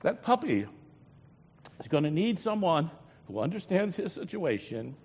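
A man's voice: on the high side, sing-song, a little slow, a little mellow, breathy edge, exaggerated voice. A man voicing an earnest young boy who pleads sincerely in a sermon story. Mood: pleading. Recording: dull lo-fi recording in a long-echoing hall.

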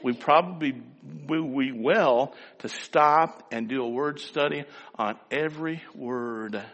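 A middle-aged male preacher delivering a sermon with personal stories, dramatic, swinging between slow emphatic phrases and quick storytelling. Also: medium pitch, a bit bright, highs cut off. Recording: reverberant hall.

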